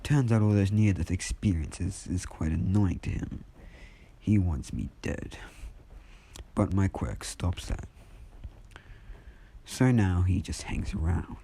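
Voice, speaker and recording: Izuku, a man doing a quiet, ominous young hero. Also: sits low, expressive, gravelly, husky, exaggerated voice. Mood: calm menace. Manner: slow, quiet, half-whispered menace.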